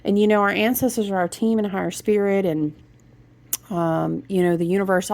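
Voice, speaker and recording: A woman's voice: mid-range voice, creaky. A woman giving a casual spiritual reading in a chatty, rambling manner, often cutting herself off mid-thought. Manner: chatty, animated, breaks into humming and hushing; rambling, self-interrupting, says y'all. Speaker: spiritual reader.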